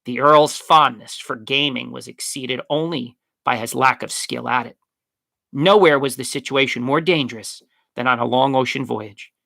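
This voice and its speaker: A man reads a chapter book aloud with expressive storytelling. His voice is bright with a gravelly edge, recorded close in a dry space. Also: medium pitch, normal speed, no echo. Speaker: narrator. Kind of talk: audiobook reading.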